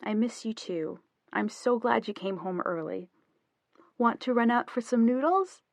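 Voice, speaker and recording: A woman's voice: fairly high pitch, unhurried, gravelly, no room sound, voice pushed up. Woman doing witty young wife, storybook, fond banter, dry close recording. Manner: playful bargaining banter.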